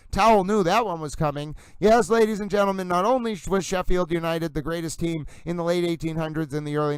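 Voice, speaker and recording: A man's voice: a little high, smooth, dry recording, rough recording. A man hosting a live stream, greeting viewers in the chat by name in a playful, theatrical way. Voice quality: playful, theatrical, calls himself towel. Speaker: livestream host.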